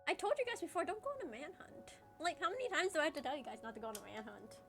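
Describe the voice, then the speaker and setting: A high, swooping woman's voice talks casually to her stream while crying, breaking into laughter through the tears. She apologizes often and stumbles over restarts. Soft background music plays faintly behind her. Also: very animated, racing. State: tearful, crying while talking. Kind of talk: casual live-stream chat to viewers.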